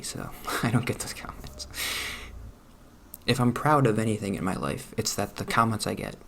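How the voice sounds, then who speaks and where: Young male vlogger, self-deprecating and mumbly, low and gravelly, faint hiss on the recording. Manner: awkward, self-deprecating, mumbly with soft laughs. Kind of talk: casual chat.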